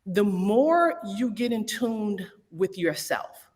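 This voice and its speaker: A woman who owns a studio, speaking on a panel in a measured, instructive way. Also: medium pitch, lively intonation, darkish tone, long reverb tail.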